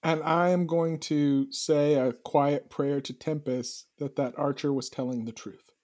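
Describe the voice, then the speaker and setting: A man playing a tabletop game, asking quick questions and declaring actions. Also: on the high side, steady tone, a little mellow. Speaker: player. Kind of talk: casual tabletop play.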